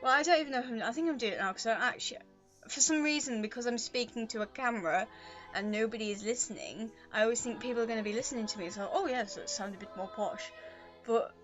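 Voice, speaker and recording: Woman, high voice, chatty vlog ramble, muffled sound, soft choir music behind. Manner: chatty, self-deprecating, quick asides. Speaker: vlogger. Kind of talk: casual rambling vlog monologue. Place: at home with a pet on her lap. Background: quiet choir music.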